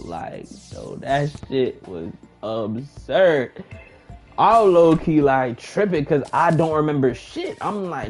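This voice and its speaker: A young man casually telling a long story while playing a game, slangy and animated, his voice jumping high when he gets excited. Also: slow, soft background music. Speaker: gaming vlogger.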